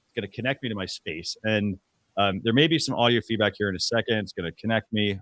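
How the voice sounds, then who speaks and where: Chatty low-voiced male show host. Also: fast talker, fairly bright tone, no room sound, studio quality. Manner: chatty, rambling with many fillers and restarts. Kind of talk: casual live demo on a talk show.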